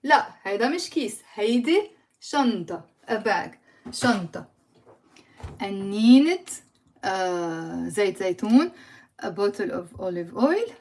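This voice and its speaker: A woman's voice: mid-range voice, big pitch swings, fairly quick, darkish tone. A young woman with a Lebanese accent teaches a live language lesson, quizzing viewers and moving between Arabic and English.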